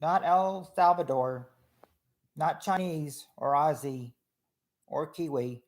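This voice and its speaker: A fairly high-voiced man running a family game show on his livestream. He chats loosely with viewers, calls out their guesses and often stumbles and restarts mid-sentence. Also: slow pace. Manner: chatty, reads chat names, hesitant restarts. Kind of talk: casual livestream game hosting.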